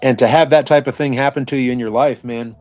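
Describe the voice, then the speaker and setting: A man's voice: medium pitch, steady tone, fast talker, darkish tone, faint music behind. A middle-aged male musician chatting casually as a guest, rambling and peppering his talk with "man". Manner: rambling, frequent "man", restarts and laughs. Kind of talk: casual chat.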